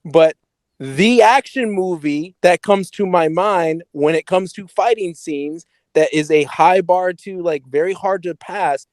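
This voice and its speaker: A man's voice: high-pitched, unhurried, darkish tone, no echo. A man co-hosting a podcast, chatting casually about a movie in a rambling way, correcting himself and swearing now and then. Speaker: podcast co-host. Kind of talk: casual movie review chat.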